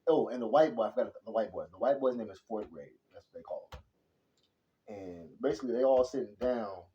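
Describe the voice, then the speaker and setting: A man giving a casual, slang-heavy movie review, animated and chatty, calling everyone "bro.". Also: lowish voice, brisk, lo-fi sound, a little hiss or hum. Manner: slangy and animated, says "bro" and "hella" constantly.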